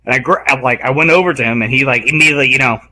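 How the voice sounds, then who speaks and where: A man in casual chat who tells animated stories, acting out voices and laughing loudly. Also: medium pitch, very fast. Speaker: guest.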